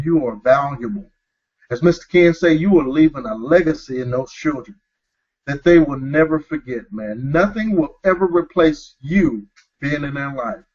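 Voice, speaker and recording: A man hosts a talk show, earnest and emphatic as he speaks straight to fathers. His voice sits fairly high. The sound is dull and lo-fi. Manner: earnest, emphatic, calls listeners brother. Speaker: host.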